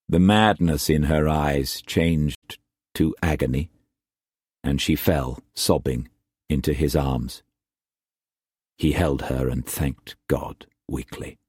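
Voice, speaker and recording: A man narrating an audiobook in a measured, expressive reading. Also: very deep voice, dry recording, studio quality.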